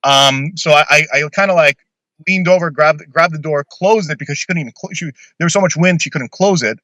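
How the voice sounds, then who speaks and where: A man's voice: on the high side, fairly quick, bright, forceful tone, no room sound. A man casually telling a long personal story on a podcast, blunt and swearing freely.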